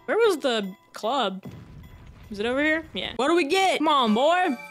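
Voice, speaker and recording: A woman with a fairly high voice chatting her way through a video game. She is excitable and jokey, swears freely and talks to herself as she plays. Faint game music runs underneath. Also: moderate pace. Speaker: gaming YouTuber. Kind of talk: casual gameplay commentary.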